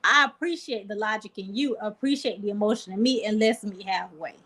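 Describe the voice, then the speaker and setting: A woman's voice: mid-range voice, a little fast, a bit bright. A woman on a discussion panel, speaking earnestly and reflectively.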